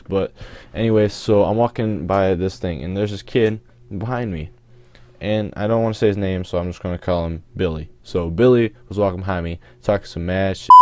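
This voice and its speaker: A man's voice: low voice, warm tone. A teenage boy telling a rambling story over gameplay footage, often correcting himself as he goes. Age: teens. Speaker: gaming channel host.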